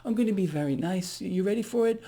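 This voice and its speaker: A man's voice: sits high, fast talker, creaky, mellow. A man giving a sarcastic, emphatic solo commentary on the markets as the host of his own video channel. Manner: sarcastic, mocking, blunt and emphatic.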